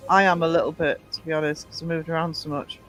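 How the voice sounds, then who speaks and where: A man's voice: a little high, flat delivery, fast, a bit bright, soft background music, poor audio. A man with a mixed Scottish and American accent, hosting a casual stream chat and reading out viewer comments. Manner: chatty, reads out viewer comments. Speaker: host reading chat messages.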